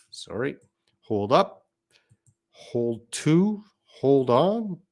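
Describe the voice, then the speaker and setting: A man's voice: medium pitch, animated, slow pace. A man teaching an English lesson on a live stream, reading out viewer comments and explaining patiently.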